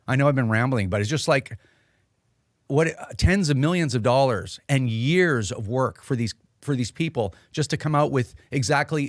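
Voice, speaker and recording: A man's voice: mid-range voice, no echo, studio quality. A man hosting casual political commentary, heated and sarcastic, mocking officials in put-on voices. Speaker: host.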